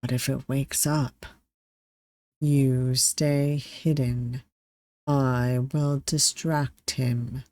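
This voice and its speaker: Streamer voicing a chill pirate guy from a visual novel, slow and calm, dry sound. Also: no room sound. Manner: calm, steady, low-key reassurance. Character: calm, chaotic young male pirate weapon master. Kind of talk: reading a visual novel aloud.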